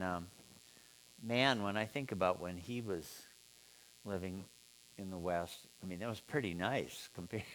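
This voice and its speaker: A man teaching a relaxed seminar at an unhurried pace, with a voice that sits on the low side. He muses aloud and keeps stopping to ask his class questions, and a faint hum runs underneath. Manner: relaxed, musing, asks students questions. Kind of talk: informal literature seminar.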